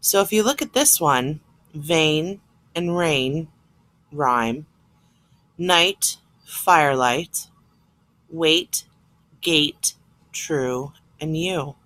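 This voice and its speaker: A woman's voice: sits low, sing-song, drawn-out words, pauses often, a bit bright, no echo. A woman teacher explaining a lesson plainly, step by step, recorded on a computer mic. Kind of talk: classroom lesson recorded on screen.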